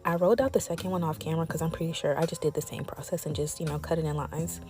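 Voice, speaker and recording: Racing through her words, a young woman hosts a relaxed cooking vlog, speaking directly to viewers as y'all and besties while she cooks. Her low voice is steady and a little mellow, with faint music playing behind her.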